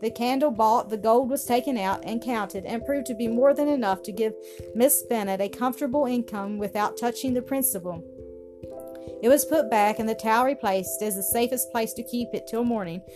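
A woman reading a story aloud in a steady, expressive way. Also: a little high, moderate pace. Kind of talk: storybook narration. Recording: music playing behind.

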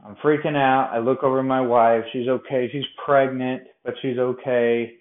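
A young man from Colorado tells a personal faith story as a podcast host. He talks in a casual, rambling way, often restarts sentences and pokes fun at himself. His voice sits at an ordinary middle pitch, and it comes through a thin, phone-like line in a room with a lot of echo. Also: flat delivery, normal speed. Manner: chatty, rambling, self-deprecating with frequent restarts. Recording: tinny phone-like sound in an echoey room.

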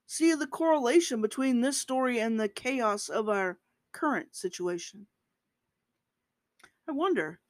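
A woman's voice: mid-range voice, a little mellow, no echo. Dry-sounding woman preacher, conversational sermon. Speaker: preacher, podcast host.

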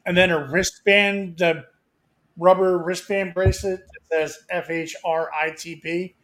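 A man's voice: sits high, little pitch movement, unhurried, fairly bright tone. A man co-hosting a podcast, rambling through crude casual chat. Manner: rambling, with many fillers and restarts. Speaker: podcast co-host.

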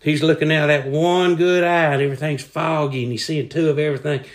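A man telling jokes in a folksy, drawn-out way. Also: on the high side, fairly even intonation. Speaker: storyteller. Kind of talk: casual joke telling.

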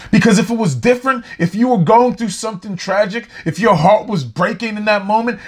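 A man hosting his own podcast, talking in a casual, heartfelt and slangy way, slowing down to stress his points. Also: high-pitched. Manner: conversational, heartfelt, slangy, slows down for emphasis. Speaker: podcast host. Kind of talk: casual motivational monologue.

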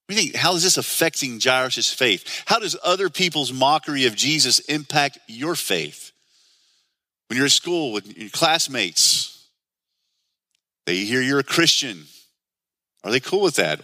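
A man's voice: medium pitch, bright, forceful tone, no echo. A man preaching a sermon in an earnest, conversational way, asking the listeners many questions. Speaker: pastor.

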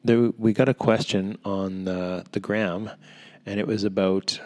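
Low-voiced man coaching casually. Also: unhurried. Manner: relaxed, explanatory, steady coaching talk. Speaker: CrossFit coach and podcast host. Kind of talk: casual chat.

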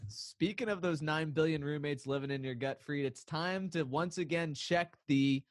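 A man's voice: on the high side, normal speed, no room sound. Casual male podcast co-host, playful and laughing, dry close sound. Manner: playful, laughs often, rambling asides. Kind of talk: casual chat.

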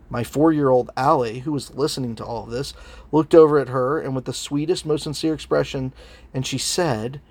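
A man's voice: medium pitch, a little fast, no echo. A man preaching a sermon as a pastor, earnest and emphatic, weaving in personal stories.

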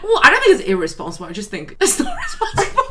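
A woman's voice: high voice, wildly swooping pitch, brisk, sharp tone. A young woman, co-hosting a podcast in casual chat, laughing often and teasing. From Australia. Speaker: podcast co-host.

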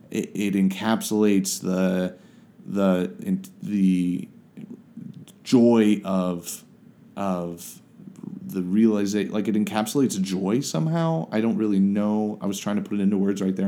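Man, low and mellow, casual song review, halting and searching for words. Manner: hesitant, searching for words, many fillers. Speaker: music reviewer.

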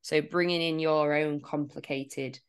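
A woman's voice: deep voice, fairly even intonation, a little slow, smooth. A woman co-hosting a podcast as a fitness coach, talking earnestly and reflectively about clients. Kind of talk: casual podcast chat.

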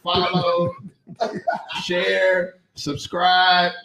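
A man's voice: high voice, completely flat delivery, very slow, creaky, bright, forceful tone, rough recording. Laid-back man hosting a podcast. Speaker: podcast host. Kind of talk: casual chat.

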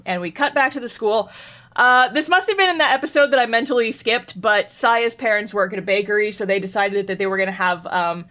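A woman co-hosting a casual chat show, telling the story of an episode in an animated, chatty way. Her talk is full of "like" and "um", and her pitch sits mid-range. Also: fairly quick. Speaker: podcast co-host. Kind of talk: casual anime recap chat.

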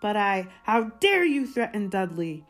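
A woman's voice: lowish voice, expressive, a little slow, soft background music. A woman voicing a blustering, bullying middle-aged uncle who roars his lines in a storybook reading. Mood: furious. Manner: roaring, explosive.

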